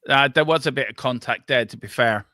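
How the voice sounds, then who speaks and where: A man hosting a football watchalong, calling the play live with excitable banter. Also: mid-range voice, a little fast, no echo, studio quality. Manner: excitable, running commentary with banter. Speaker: watchalong host.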